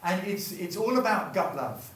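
In a chatty sermon, a man with an expressive, high-pitched voice speaks at a moderate pace and keeps interrupting himself to question the room. The recording is echoey, with his voice sounding far away.

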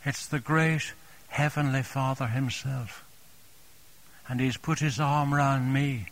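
A man preaches a sermon in a mid-range, fairly even voice at a slow pace. He speaks gently and tenderly, softly repeating phrases and calling the congregation dear friends.

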